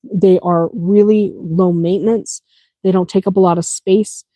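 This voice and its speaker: A woman's voice: lowish voice, steady tone, measured pace, mellow, no room sound. A woman who runs a small farm, answering viewer questions in a chatty, practical way, laughing easily and driving points home with "okay?". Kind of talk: casual Q&A explanation.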